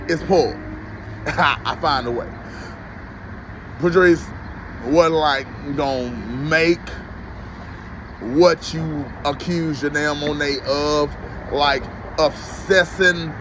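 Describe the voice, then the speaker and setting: A man's voice: on the high side, noisy background. A man in his forties ranting in an unscripted vlog, profane and rambling, often laughing. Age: 40s. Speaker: vlogger. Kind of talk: unscripted rant.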